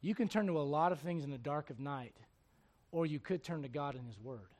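A man preaching a sermon who swings between quiet, conversational asides and loud, emphatic exhortation, acting out the voices he quotes. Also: on the high side, brisk. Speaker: pastor.

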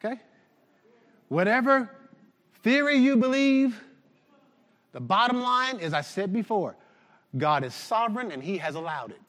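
A man preaching a sermon to his church, animated and shouting at the peaks. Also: sits high, measured pace, long pauses, long reverb tail. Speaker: pastor.

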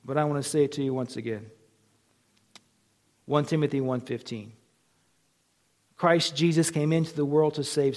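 A male pastor preaching a sermon, moving from quiet, almost whispered lines to loud, fervent appeals. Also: on the high side, steady tone, normal speed, long pauses. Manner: builds from quiet to impassioned near-shouting.

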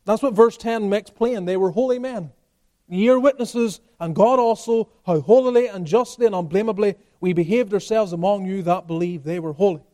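Male pastor, high voice, emphatic expository preaching in church. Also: moderate pace, warm tone. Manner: emphatic preaching with rising and falling intensity. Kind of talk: expository sermon.

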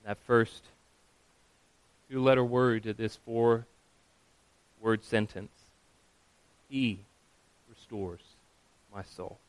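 A pastor giving a sermon, earnest and steady, sometimes acting out quoted voices. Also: male voice, fairly low pitch, extremely slow, long pauses, clear, resonant tone, no echo.

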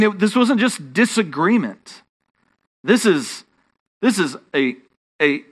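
A man's voice: high voice, a bit bright. A man with a Texan accent preaching a sermon as pastor, rising in emphasis and often restarting his phrases.

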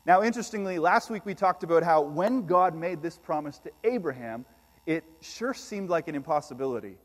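A man preaching a sermon, reading scripture aloud with slow emphasis and then explaining it to his congregation. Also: a little high, animated, big-room sound. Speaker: pastor.

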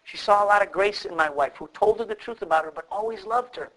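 Middle-aged man, pastor type. Higher-pitched voice, animated preaching, dramatizes quotes. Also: fast, low-quality recording. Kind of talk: sermon.

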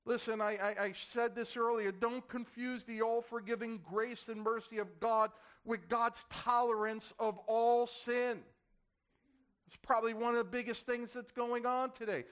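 A man's voice: very high-pitched, normal speed, fairly bright tone. A man preaching a sermon to his church, impassioned, his voice swelling and dropping as he drives his points home. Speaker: pastor.

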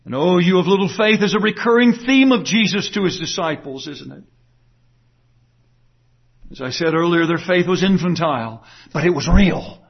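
Preaching with animation at a moderate pace, a male pastor presses his congregation with rhetorical questions in an earnest, emphatic way. He has a husky voice pitched high for a man, and the audio comes across dull and muffled.

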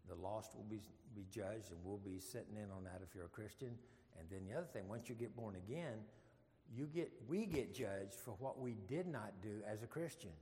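Low-voiced older man preaching folksy. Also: normal speed, mellow. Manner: folksy, rambling, chuckles often. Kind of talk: casual Bible study teaching. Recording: long hall reverb.

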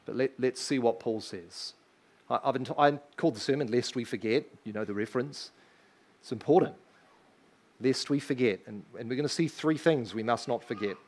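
A man's voice: mid-range voice, normal speed, a little mellow. A man preaching a sermon in church, emphatic and full of rhetorical questions to the congregation. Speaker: pastor.

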